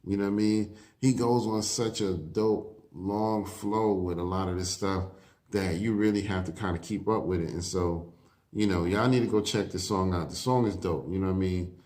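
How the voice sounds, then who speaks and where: A man's voice: low voice, steady tone, darkish tone. A man in casual commentary, breaking down rap lyrics in a laid-back way and often saying "you know what I mean.". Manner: reads lyric lines aloud slowly.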